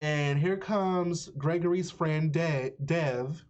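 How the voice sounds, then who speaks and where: Male streamer, higher pitch, loose profane movie recap, dull lo-fi sound. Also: takes it slowly. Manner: animated, slangy, profane storytelling. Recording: slightly muffled lo-fi audio.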